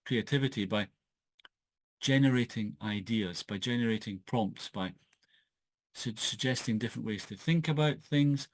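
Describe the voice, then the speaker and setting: A man's voice: mid-range voice, normal speed, no room sound. A Scottish man, an author hosting his own channel, talking casually and hesitantly with many fillers and restarts, recorded on a laptop microphone in his home office. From Scotland. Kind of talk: casual solo podcast talk. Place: home office with wooden desk. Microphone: laptop built-in microphone.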